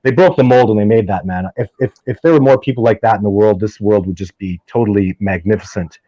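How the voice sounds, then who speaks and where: On the low side and quick-paced, this man's mellow voice comes through a dry, lo-fi recording. As an interview guest and Sasquatch researcher, he tells casual stories enthusiastically, rambling, restarting sentences, and getting heated.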